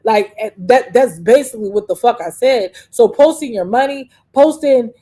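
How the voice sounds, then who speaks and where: Profane, combative woman ranting, mellow voice. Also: fairly high pitch, normal speed, few pauses, breathy edge. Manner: profane, combative, rambling with many restarts. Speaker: podcast host. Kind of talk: casual rant monologue.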